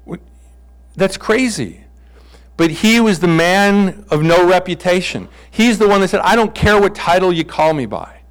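Joking pastor preaching a sermon. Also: male voice, sits high, animated, normal speed, rough recording. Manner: playful, acts out bible characters in comic voices. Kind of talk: conversational sermon.

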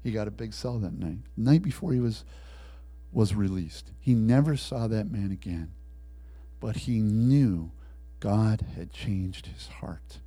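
A man preaching a sermon, telling a story and acting out the voices in it, swinging between loud bursts and hushed lines. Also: fairly low pitch, lively intonation, unhurried, husky.

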